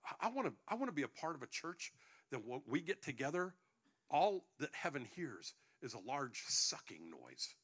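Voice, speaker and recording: A man's voice: fairly high pitch, very animated, normal speed, a bit bright, husky. A male pastor preaching a sermon to his congregation, joking between points and often restarting his sentences.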